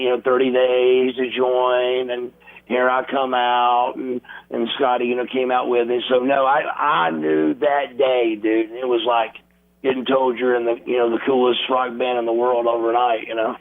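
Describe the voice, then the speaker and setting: A man telling wrestling stories as an interview guest, animated and acting out crowd reactions and quotes. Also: mid-range voice, normal speed, creaky. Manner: animated storyteller, acts out crowd noises and quotes. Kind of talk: casual storytelling interview. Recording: tinny phone line.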